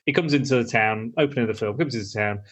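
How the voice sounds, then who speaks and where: A man's voice: mid-range voice, quick pace, fairly bright tone. A man hosting a casual podcast, recapping a film plot with stammered starts. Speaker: podcast host.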